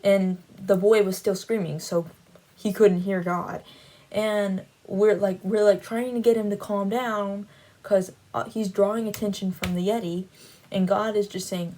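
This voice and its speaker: Woman, mellow tone, casual storytelling, rambling, filler-heavy. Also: medium pitch, steady tone, measured pace, low-quality recording. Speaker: Christian vlogger. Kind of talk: casual storytelling, recounting a dream.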